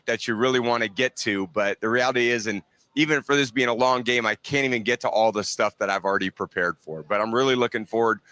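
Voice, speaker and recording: A man who works as a sports broadcaster, giving measured interview answers in a played clip. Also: mid-range voice, sharp tone, clean tone, no room sound.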